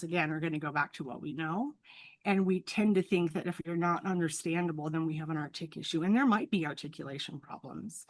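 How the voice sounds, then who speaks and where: A woman's voice: deep voice, no echo. A woman speech-language pathologist, a guest on an interview, explaining in an earnest, teacherly way and often checking in with "right?". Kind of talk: explanatory professional conversation.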